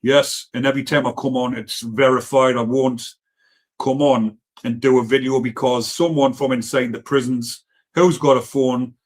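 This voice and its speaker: A man's voice: mid-range voice, fairly even intonation, normal speed. A man with a Geordie accent hosting a casual live stream, reading viewer comments and talking bluntly, with frequent swearing and rambling asides. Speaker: livestream host reading comments.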